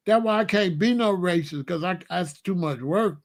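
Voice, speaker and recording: A man with a slightly higher voice riffs in a loose, comedic monologue. He fires off rhetorical questions and breaks into chuckling asides as he talks. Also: normal speed, few pauses. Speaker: host.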